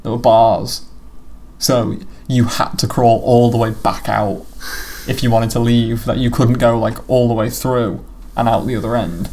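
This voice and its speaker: A man's voice: medium pitch, level tone, a little slow, darkish tone. A man commenting on his own video in a casual chat, rambling and swearing freely.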